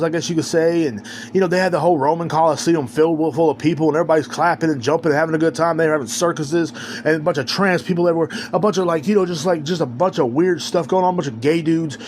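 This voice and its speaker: A man's voice: on the high side, a little mellow, slight background noise. A man hosting a podcast, ranting alone in a heated, rambling, profane way. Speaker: podcast host. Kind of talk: casual ranting monologue.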